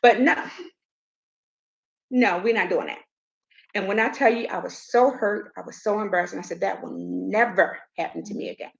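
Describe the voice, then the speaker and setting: A middle-aged woman hosting a casual chat, telling a personal story in an animated way and acting out what others said. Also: medium pitch, normal speed, vocal fry, dull audio. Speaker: host.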